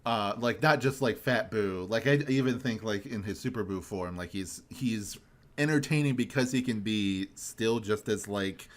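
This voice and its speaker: A man's voice: fairly low pitch, normal speed. A young man hosting a podcast in casual chat, ranting animatedly and swearing for emphasis. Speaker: podcast host.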